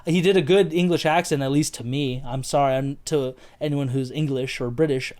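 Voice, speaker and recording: Co-hosting a laid-back film review podcast, this American man wanders through his thoughts with fillers and an occasional swear. He speaks briskly in a mid-range, darkish voice with a steady tone.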